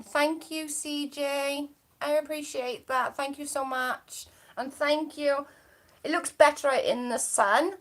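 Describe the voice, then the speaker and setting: A woman's voice: sits high, a little slow, fairly bright tone. Chatty woman streamer answering comments. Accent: non-local. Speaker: live-stream host. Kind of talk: casual live-stream chat.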